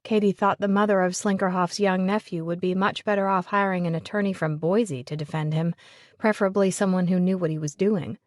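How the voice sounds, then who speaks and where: A woman narrating a romance audiobook in an even, measured way. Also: fairly low pitch, no room sound, clean studio sound. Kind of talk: scripted narration of a romance novel.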